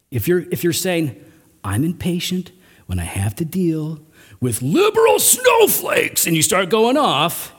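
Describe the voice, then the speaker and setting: A middle-aged man preaching a sermon as pastor, with animated, emphatic rising runs. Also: fairly high pitch. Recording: long hall reverb.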